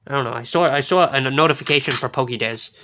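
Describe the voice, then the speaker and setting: A woman's voice: extremely low pitch, fast talker, noisy background. A woman in an unboxing vlog, giddy and squealing, rambling to herself as she opens card packs. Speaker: card pack opener.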